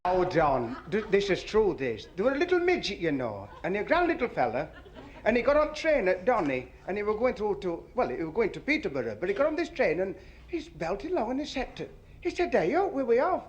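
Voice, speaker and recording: A man's voice: sits high, wildly swooping pitch, brisk, a little hiss or hum. A man telling jokes, chatty, in broad northern dialect. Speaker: stand-up comedian. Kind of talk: joke telling.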